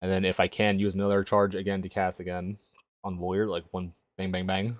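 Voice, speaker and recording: Deep-voiced man grumbling at a game table. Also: little pitch movement, brisk, no room sound, studio quality. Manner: blunt, profane, grumbling. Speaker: player.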